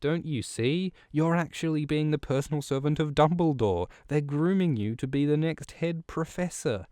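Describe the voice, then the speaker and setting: A man voicing an eager, know-it-all schoolgirl in a high, earnest tone for a podcast parody. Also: moderate pace, a little mellow, dry recording, clean studio sound, natural voice.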